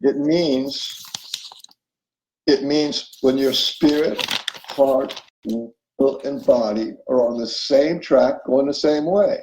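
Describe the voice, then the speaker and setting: A man's voice: medium pitch, lively intonation, takes it slowly, darkish tone, reverberant, a little hiss or hum, rough recording. A man as an interview guest, explaining spiritual self-help ideas and checking in often with his listener. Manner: explanatory, acts out inner voices, checks in with listener.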